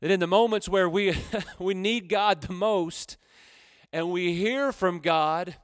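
A man's voice: sits high, slow pace, clear, resonant tone, dry recording, studio quality. Storytelling male radio preacher. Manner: storytelling, repeats key phrases. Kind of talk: radio sermon.

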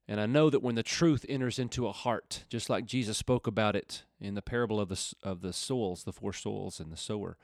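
A man's voice: on the low side, a little fast, hardly any pauses, dry recording, clean studio sound. A middle-aged man teaching and praying on a Christian radio program, earnest and folksy, rising to fervent appeals. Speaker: radio preacher. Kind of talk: radio Bible teaching with prayer.

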